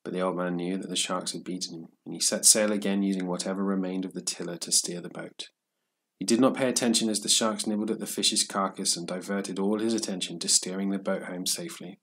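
A man reading a story aloud in a steady, measured narration for English learners. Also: low voice.

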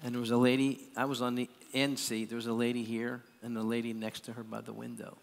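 A man evangelist preaching, telling a humorous story in a folksy way and rousing the crowd to shout. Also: mid-range voice, flat delivery, fast talker, vocal fry, slight background noise. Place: large meeting hall. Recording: long hall reverb.

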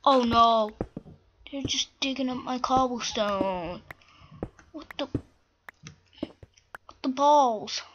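A woman's voice: a little high, takes it slowly, pauses often. A woman hosting a gaming video, chatting casually as she plays and breaking into flustered, panicked outbursts. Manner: chatty, easily flustered, bursts into panicked shouts. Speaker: gaming channel host. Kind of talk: casual game commentary. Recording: dull lo-fi mic with faint noise.

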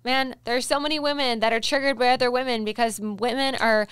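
Emphatic encouraging woman host, smooth voice. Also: on the high side, fairly quick, no room sound. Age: adult, with a daughter. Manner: emphatic, encouraging, animated storytelling. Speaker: podcast host. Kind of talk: casual interview chat.

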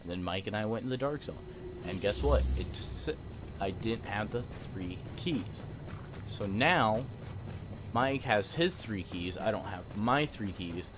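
A man's voice: lowish voice, animated, measured pace, background noise. Frustrated swearing young man gaming. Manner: frustrated, swearing, bursts of yelling at the game. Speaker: gameplay commentator. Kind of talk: casual gameplay commentary.

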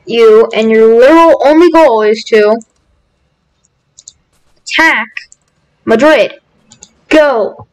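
A woman hosting a strategy game let's-play, excitable and bursting into cheers and shouts. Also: fairly high pitch, slow pace, long pauses, smooth, low-quality recording. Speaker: gaming video host.

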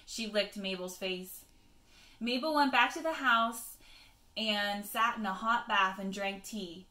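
A woman teacher reading a picture book aloud to children, expressive, with chatty asides to her pupils. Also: mid-range voice, slow, roomy sound.

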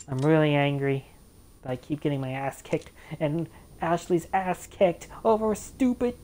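A woman doing let's play commentary, frustrated, cursing and shouting at the game. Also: lowish voice, big pitch swings, measured pace. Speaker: gamer. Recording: noisy background ambience.

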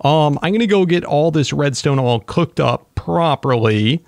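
A man hosting a casual let's-play, commenting excitedly to himself as he plays. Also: on the high side, unhurried, gravelly, no room sound. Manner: excitable, talks to himself while playing. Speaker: gaming channel host.

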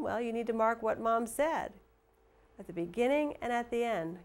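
Woman teacher, children's reading lesson, clear, expressive, slightly high voice. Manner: warm, expressive, slow and clear for young children.

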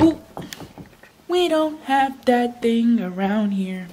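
A woman chatting casually to camera in her home kitchen, slangy and thinking out loud, now and then slipping into a put-on British accent. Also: fairly high pitch, animated, slow, very noisy. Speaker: vlogger. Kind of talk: casual vlog chat.

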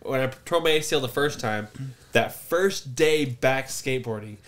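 A young man co-hosting a podcast, telling stories in casual chat, acting out quotes loudly and laughing often. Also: mid-range voice, moderate pace, over a noisy crowd. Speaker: podcast co-host.

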